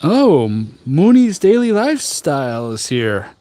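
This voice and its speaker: A man hosting a casual tea live stream outdoors on a rooftop garden, chatting with viewers in a jokey, rambling, deadpan way with many fillers. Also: medium pitch, a little slow. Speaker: tea livestream host.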